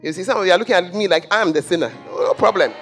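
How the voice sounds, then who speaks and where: A man's voice: sits high, rapid-fire, soft background music. A man preaching a sermon as pastor, scolding the congregation with rhetorical questions. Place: church.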